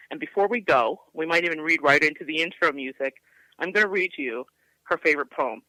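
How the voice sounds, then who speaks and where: An American woman hosting a radio talk show, telling a personal story in an expressive, animated way and then reading a poem aloud. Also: low voice, no room sound, low-quality recording. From United States.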